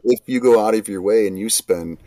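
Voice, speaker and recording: Profane, animated man telling stories. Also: lowish voice, fairly quick. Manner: animated, profane storyteller who acts out quotes. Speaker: guest, urban explorer. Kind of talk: casual podcast storytelling.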